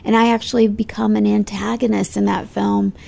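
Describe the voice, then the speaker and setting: A woman actress talking about her work in an interview, chatty and expressive, laughing easily. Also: medium pitch, brisk, gravelly. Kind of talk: casual interview conversation.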